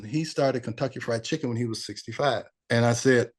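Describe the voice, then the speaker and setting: A man's voice: medium pitch, fairly even intonation, a little fast. A man in his sixties, an interview guest telling his personal story in a rambling, heartfelt way, restarting sentences often. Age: 60s. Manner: rambling, restarts often, laughs, gets choked up. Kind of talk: emotional personal testimony.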